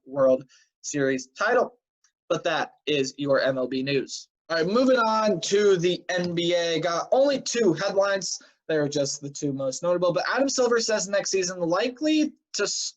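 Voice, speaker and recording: Sounding tired and yawning, a man with a slightly high voice rambles through the week's games on a casual sports news recap, full of fillers and offhand predictions. The dull sound resembles a cheap home recording.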